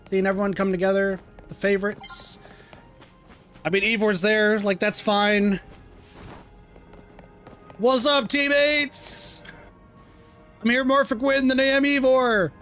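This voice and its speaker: A young man streaming a game, chatting casually with self-mocking, animated remarks. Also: high voice, normal speed, soft background music. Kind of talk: casual gameplay commentary.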